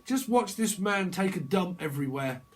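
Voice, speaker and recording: Man, high-pitched, casual tarot reading, rambling, frequent laughter. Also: lively intonation, moderate pace. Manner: rambling, jokey, laughs often. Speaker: tarot reader.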